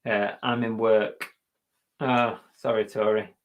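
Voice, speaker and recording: This reseller live-streaming host is a British man whose voice sits on the low side, moves slowly and shows little pitch movement. He keeps things chatty and jokey. He frequently pokes fun at himself.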